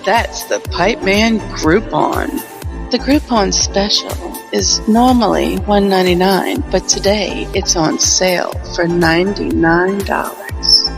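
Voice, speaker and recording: A woman voicing a sultry female announcer in a radio commercial, breathy and teasing. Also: mid-range voice, slow, voice pushed down. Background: music.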